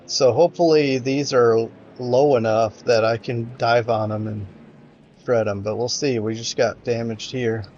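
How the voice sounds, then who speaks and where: Commentating casually on a strategy game, a man sounds hesitant and frustrated, filling his talk with fillers and restarts. His medium-pitched voice is a little mellow, with fairly even intonation and a measured pace. The recording is muffled, with a touch of hiss or hum.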